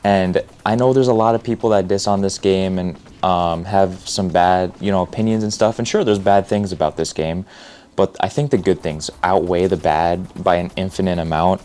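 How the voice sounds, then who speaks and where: A man's voice: low voice, steady tone, normal speed, a little mellow. A man in his thirties hosting a casual, unscripted retro game video, slangy and enthusiastic, who often stumbles and restarts his words. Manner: stumbles and restarts, says he stutters a lot; laid-back slangy enthusiasm. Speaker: retro gaming video host.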